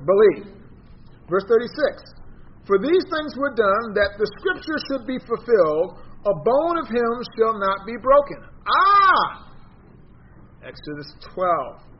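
A man's voice: sits high, expressive, a little slow. A man teaching a Bible study class, reading scripture aloud, then explaining it and quizzing his listeners. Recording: dull lo-fi sound with faint noise.

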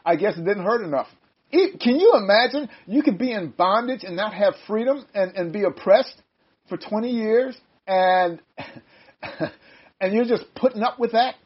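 High-voiced older man leading Bible study. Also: lively intonation, measured pace, breathy edge. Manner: chatty, self-interrupting, laughs often. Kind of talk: casual group Bible study. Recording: dull lo-fi sound.

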